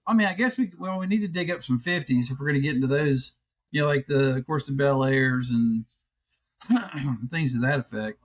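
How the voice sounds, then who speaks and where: A man's voice: medium pitch, moderate pace, highs cut off. A middle-aged man co-hosting a podcast in casual chat, rambling and restarting, swearing freely. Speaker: podcast co-host.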